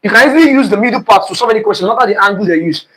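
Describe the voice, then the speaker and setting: A male physics teacher with a high voice runs an online exam-prep lesson. He repeats himself and keeps quizzing the class with "what?" prompts, rushing some phrases and dragging out others. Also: lively intonation, a bit bright, poor audio. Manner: repetitive, quizzing with "what?" questions; speeds up and slows down, stressing terms.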